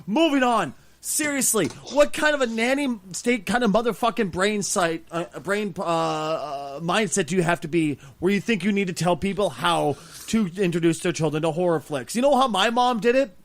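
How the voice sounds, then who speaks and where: A man hosting a podcast, telling a story in loud, animated, profane banter. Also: high voice, moderate pace, few pauses. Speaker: podcast host.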